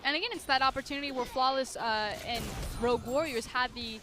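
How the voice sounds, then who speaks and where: A woman's voice: high voice, fairly quick. A woman giving analytical esports color commentary, with fillers and playful asides. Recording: commentary over game music.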